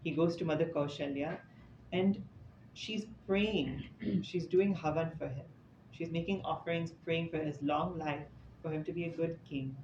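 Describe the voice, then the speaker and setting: A man's voice: on the high side, steady tone, normal speed. A man giving an informal scripture talk, telling stories in a chatty, conversational way with casual asides. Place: indoor talk room with an audience. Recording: echoey, slightly dull room recording with faint noise.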